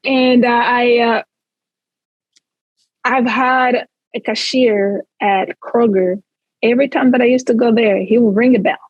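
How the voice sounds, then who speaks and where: Guest from Central Africa, woman, animated storyteller with a slightly high, husky voice and a dry close sound. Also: a little slow, long pauses, no room sound, muffled recording. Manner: animated, tells stories in long chains of "so". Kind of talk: casual storytelling.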